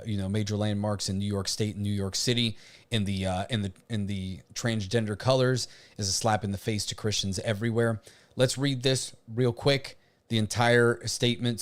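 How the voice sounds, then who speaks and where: Male podcast ranter from Puerto Rico, lower-pitched voice, combative and sarcastic delivery. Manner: blunt, combative, sarcastic asides. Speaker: podcast host. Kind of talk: opinion rant commentary.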